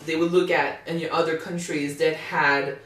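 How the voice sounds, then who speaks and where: A man's voice: on the high side, moderate pace. Canadian guy rambling about an anime, swears a lot, restarts sentences, mic far away. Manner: excitable, swears freely, rambling with many restarts. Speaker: anime reaction co-host. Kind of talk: casual chat reacting to an anime. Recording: echoey room, mic far off.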